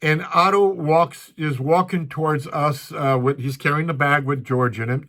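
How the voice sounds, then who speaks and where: A man's voice: on the high side, steady tone, moderate pace, a bit bright. An older male stand-up comedian telling rambling stories from his career with many restarts and asides. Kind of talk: storytelling.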